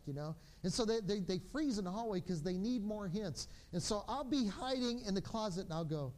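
Brief: male pastor, 40s, high-pitched voice, animated storytelling preacher who drops soft and low for reflection. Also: quick pace, hardly any pauses. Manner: animated storytelling, acting out his children's voices. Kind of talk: sermon.

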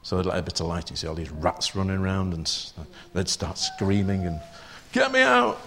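A man's voice: deep voice, steady tone, brisk, a little hiss or hum. A man preaching a sermon, talking conversationally and putting rhetorical questions to his listeners.

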